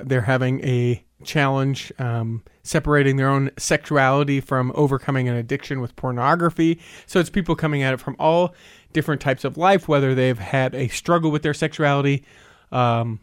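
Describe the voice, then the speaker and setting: A man's voice: medium pitch, clear, resonant tone, dry recording. Casting: male podcast host, sore tongue, rambling and teasing, dry booth sound. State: sore tongue affecting his speech. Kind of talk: casual podcast chat. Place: home studio.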